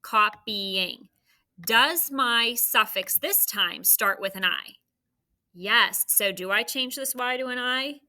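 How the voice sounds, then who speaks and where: A woman teaching a phonics lesson to third graders. She speaks slowly and clearly, with a bright, crisp tone. Her delivery is encouraging and patient, paced for drills the class repeats after her. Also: on the high side.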